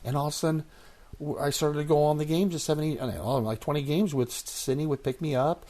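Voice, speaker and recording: A man in his sixties telling stories as an interview guest, animated and acting out the voices of people he quotes. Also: on the high side, fast. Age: 60s. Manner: animated storyteller who acts out quoted voices. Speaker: guest, former baseball player. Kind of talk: casual storytelling interview.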